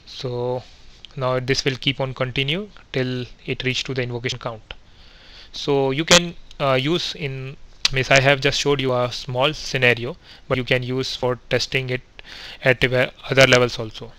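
A man teaching software testing in a screen-recorded coding tutorial, explaining each step methodically with fillers and self-corrections. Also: mid-range voice, level tone, normal speed.

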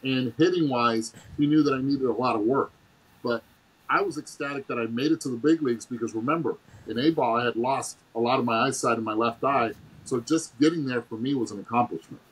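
A man's voice: fairly quick, breathy edge, poor audio. A middle-aged man, a former ballplayer, telling stories casually and acting out quotes with big jumps in his voice. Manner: animated, acts out quotes with big pitch jumps and laughs. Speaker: guest, former baseball player. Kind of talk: casual storytelling.

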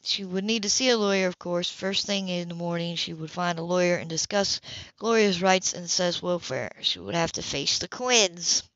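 A woman reading a novel aloud in an even, steady way. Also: lowish voice, normal speed, no room sound. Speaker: audiobook reader. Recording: dull lo-fi home recording.

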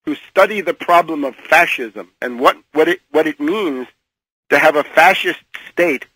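A man's voice: fairly high pitch, moderate pace, sharp tone, slightly rough, no echo, low-quality recording. An older man speaking as a guest commentator in a radio interview, often hesitating and repeating words as he makes pointed criticisms.

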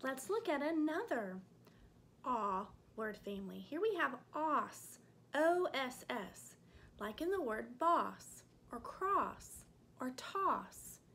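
A woman teaching a remote phonics lesson to first graders, slowly sounding out letters and vowel sounds. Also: high voice, big pitch swings, bright, forceful tone. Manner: slow, clearly sounding out letters for small kids.

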